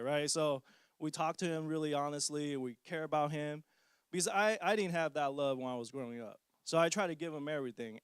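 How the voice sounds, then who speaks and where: Speaking a little fast in a smooth, slightly high voice, a man in his forties offers a jokey, self-mocking personal testimony about parenthood. The audio is studio quality, with no echo.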